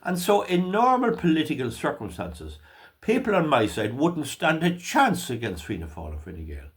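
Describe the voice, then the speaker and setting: Animated older Irish man ranting. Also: fairly high pitch, moderate pace. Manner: emphatic, opinionated ranting delivery. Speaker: political commentator. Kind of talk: political commentary vlog.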